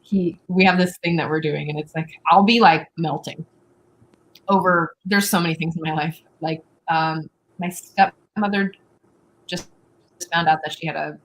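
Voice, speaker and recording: A woman's voice: low voice, steady tone, moderate pace, low-quality recording. A woman hosting an interview show, talking in a chatty way with lots of fillers and personal stories. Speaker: show host. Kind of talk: interview conversation.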